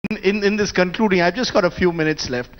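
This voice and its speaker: A man with a notably high voice runs a panel discussion. He puts brisk, pressing questions to his guests and keeps them moving. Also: dull audio. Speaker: moderator. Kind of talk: panel moderation.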